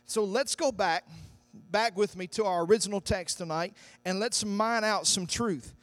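High-voiced emphatic male preacher. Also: dry recording. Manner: emphatic, rising to loud declarations. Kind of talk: sermon.

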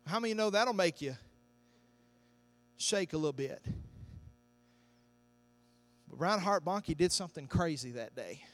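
High-voiced preacher telling a story. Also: male voice, animated, unhurried, long pauses. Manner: storytelling, building to shouted climaxes. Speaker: pastor. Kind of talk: sermon.

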